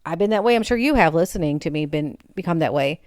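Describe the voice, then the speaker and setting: Woman, 40s, low-ish smooth voice, dry close mic, chatty rambling storyteller. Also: fast, dry recording. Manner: rambling, self-correcting, animated. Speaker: vlogger. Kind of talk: casual storytelling chat.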